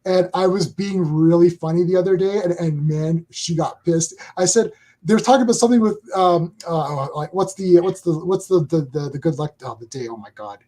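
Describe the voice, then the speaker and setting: A caller on a fan livestream telling a casual story, rambling with lots of restarts and fillers and quick to laugh. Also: mid-range voice, mellow. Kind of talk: casual chat.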